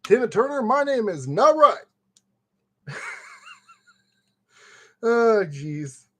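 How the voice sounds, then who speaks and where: Slow, goofy man muttering through a build. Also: extremely high pitch, very animated. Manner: playful, muttering to himself, goofy made-up exclamations. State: sweating in summer heat. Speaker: streamer building a kit. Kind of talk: casual live-stream commentary.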